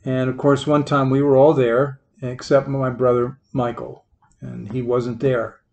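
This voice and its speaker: A man's voice: medium pitch, flat delivery, a little slow, creaky, a little mellow, highs cut off. A man, a parish priest, giving an informal homily full of stories, folksy and rambling, often repeating his words. He is from the Pittsburgh area.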